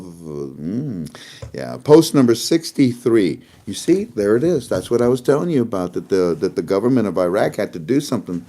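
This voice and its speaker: A man's voice: lowish voice, dark tone. A man hosting an online show, chatting casually to his viewers about the news and laughing often as he goes.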